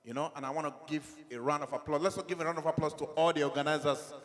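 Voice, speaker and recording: A middle-aged man with a Nigerian accent doing a stand-up comedy set, animated, acting out dialogue in his stories. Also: a little high, quick pace, long reverb tail.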